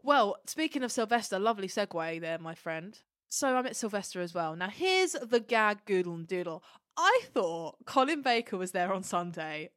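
A woman co-hosting a fan podcast, telling a long story in a gushing, animated way and swearing casually. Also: mid-range voice, moderate pace, dry recording, clean studio sound. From Turkish heritage. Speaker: podcast co-host. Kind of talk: casual chat.

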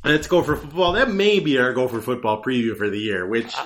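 A man hosting a casual podcast, tossing in quick jokes and quips while his guest talks sports. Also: mid-range voice, a bit bright. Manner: jokey, quick quips, laughs along. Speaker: podcast host.

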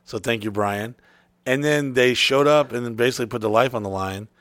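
A man co-hosting a casual podcast chat, a laid-back, profane storyteller who often drops to a low mutter. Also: brisk, fairly bright tone, no echo. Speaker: podcast co-host.

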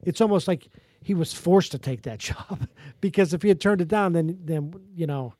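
A man from Pennsylvania hosting a casual sports podcast, talking in quick, animated bursts and often restarting his sentences. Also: a little high, dry recording. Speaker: podcast host.

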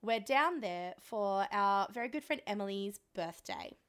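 A woman's voice: medium pitch, lively intonation, unhurried, a bit bright, clear, resonant tone. A young woman co-hosting a podcast in casual chat, laughing often and swearing freely. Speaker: podcast co-host.

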